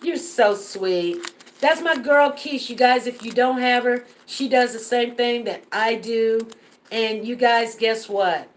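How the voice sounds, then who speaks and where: A woman's voice: on the high side, steady tone, a little slow, a little hiss or hum. A woman hosting a casual live stream who talks earnestly to her viewers and repeats herself for emphasis.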